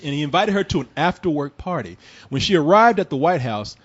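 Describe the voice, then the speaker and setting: A man's voice: a little high, big pitch swings, brisk, highs cut off, slight background noise. A man hosting a comedy podcast, reading a news story aloud with crude, laughing asides. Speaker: podcast host.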